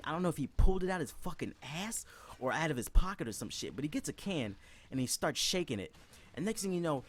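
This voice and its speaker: Young male storyteller, animated and profane, wide pitch swings, does voices of other people. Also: slight background noise. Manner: animated, profane, laughs often, acts out voices. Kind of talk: comedic storytelling.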